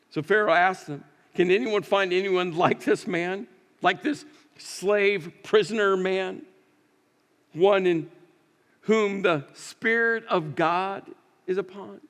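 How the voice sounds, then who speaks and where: A man preaching a sermon as pastor, swinging between loud emotional rises and quiet drops. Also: high voice, smooth. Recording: long church reverb.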